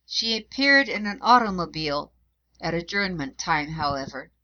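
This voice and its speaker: A woman narrating a historical account in a measured, even reading voice. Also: fairly low pitch. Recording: dull lo-fi recording.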